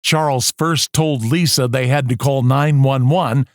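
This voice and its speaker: A man giving scripted, measured documentary narration. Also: medium pitch, steady tone, dry recording, studio quality.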